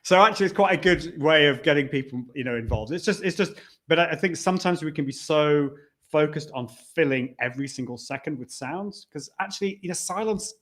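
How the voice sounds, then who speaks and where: Chatty male live-stream host, higher voice. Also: fairly quick, a bit bright. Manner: chatty, with frequent restarts and asides, reading out viewer comments. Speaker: live video show host. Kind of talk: casual live-stream chat. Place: conference venue during a live broadcast.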